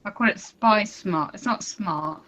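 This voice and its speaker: A woman's voice: mid-range voice, measured pace, fairly bright tone, low-quality recording. A woman calling in to a live talk show, chatting in a rambling way with lots of fillers and asides. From United Kingdom. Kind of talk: casual chat.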